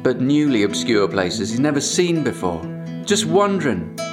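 A man telling a fable slowly and unhurriedly, repeating phrases for rhythm. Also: mid-range voice, sing-song. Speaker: storyteller. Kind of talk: spoken storytelling over guitar. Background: guitar music.

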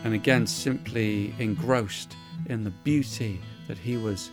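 Slow, earnest male storyteller. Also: fairly low pitch, music in the background. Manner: conversational, earnest, folksy asides. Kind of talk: oral storytelling.

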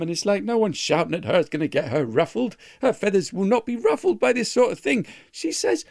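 A man's voice: high-pitched, very animated, fairly quick, vocal fry, hardly any pauses, darkish tone, no echo, studio quality. A man telling a folk tale in an earnest, conversational way with folksy asides. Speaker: storyteller. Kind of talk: oral storytelling.

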